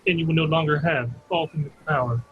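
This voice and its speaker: A man playing a tabletop game, reasoning in a measured, dry way. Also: fairly high pitch. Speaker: player. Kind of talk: casual tabletop game chat. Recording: dull lo-fi mic with faint noise.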